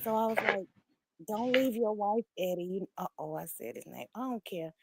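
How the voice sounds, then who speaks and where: A middle-aged woman, calling into a livestream and bluntly telling a personal story while acting out the dialogue, her call audio sometimes coming through quietly. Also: medium pitch, expressive, normal speed, noisy background. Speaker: livestream caller. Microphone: remote call audio, sometimes low volume.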